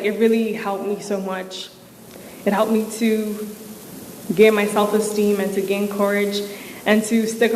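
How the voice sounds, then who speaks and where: A woman's voice: medium pitch, a little mellow. A young woman giving an inspirational, faith-filled commencement speech, casual and emotional, with many fillers. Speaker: commencement speaker. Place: large hall at a ceremony. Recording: echoey hall with crowd noise.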